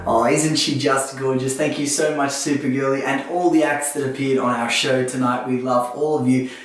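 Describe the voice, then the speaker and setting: A man's voice: mid-range voice, level tone, normal speed, far from the mic, over music. Cheeky Australian man hosting a comedy show. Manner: camp, cheeky and quipping. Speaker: host. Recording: echoey room, away from the mic.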